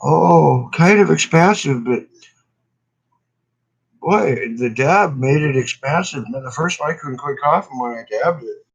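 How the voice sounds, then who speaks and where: A man's voice: mid-range voice, measured pace, pauses often, a bit bright, breathy edge, rough recording. A stoned man, coughing often, rambling in a laid-back, profane way during a casual cannabis vlog session. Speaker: cannabis vlogger. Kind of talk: casual smoking session chat.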